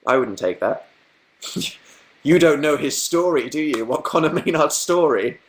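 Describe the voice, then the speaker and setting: Animated but unhurried, this young livestreamer chats his way through stories and viewer comments, laughing frequently and voicing other people's lines in a raised pitch.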